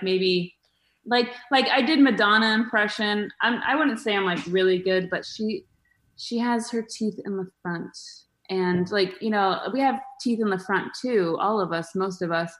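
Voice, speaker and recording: A woman's voice: mid-range voice, moderate pace, fairly bright tone, roomy sound. A woman comedian chatting as a podcast guest, rambling with lots of fillers and restarts. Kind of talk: casual podcast chat.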